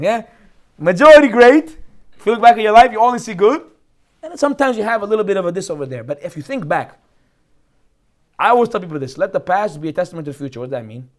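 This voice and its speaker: A male rabbi delivers a weekly Torah class at a quick clip. His voice sits high, and he leans hard into his points, often acting out the people he quotes. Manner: animated, emphatic, acts out quoted voices.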